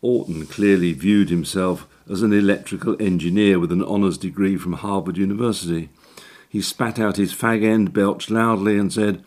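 A man's voice: sits low, steady tone, moderate pace, a little mellow. A man reading a comic story aloud in a dry, wry narrating manner.

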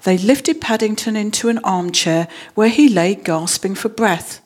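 A woman reading a children's storybook aloud in a measured, expressive way. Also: medium pitch.

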